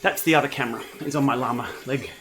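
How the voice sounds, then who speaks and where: A laid-back Australian cycling host chats casually on a livestream as he rides in his home training room, reading and responding to viewer comments. He talks fast in a mid-range, slightly bright voice, with a little background noise.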